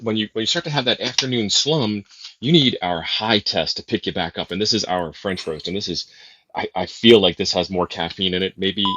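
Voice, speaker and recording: A man co-hosting a casual live-stream chat, joking around and pitching the show's coffee. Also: lo-fi sound, noisy background. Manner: joking, reads coffee promos. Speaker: co-host.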